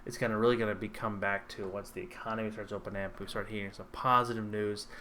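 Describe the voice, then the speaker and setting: A man's voice: lowish voice, flat delivery, quick pace, pushed and bright, a little hiss or hum. A man hosting a livestream, chatting casually and answering viewer questions, hesitant with many ums and restarts. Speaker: stock trading livestream host.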